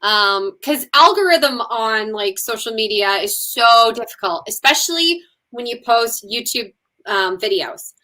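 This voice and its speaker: A woman's voice: a little high, expressive, measured pace, bright, forceful tone. A woman who is a musician, chatting casually as an interview guest, with lots of ums and likes. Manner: chatty, many ums and likes, laughs often.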